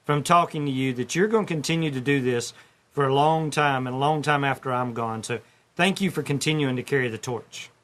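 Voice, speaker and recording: A man, a veteran guest on a radio show, speaking warmly and graciously. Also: mid-range voice, fairly quick. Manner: warm, gracious. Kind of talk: radio interview talk.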